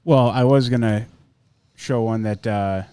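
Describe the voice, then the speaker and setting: A man's voice: lowish voice, unhurried, mellow, smooth. A man co-hosting a podcast in casual chat, laid-back and a little hesitant, with filler words. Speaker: podcast co-host.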